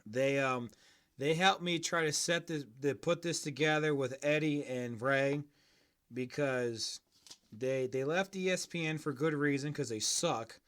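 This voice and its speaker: A man's voice: on the high side, a little slow, fairly bright tone. A man hosting a casual sports podcast, ranting in a profane, heated and mocking way. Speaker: podcast host.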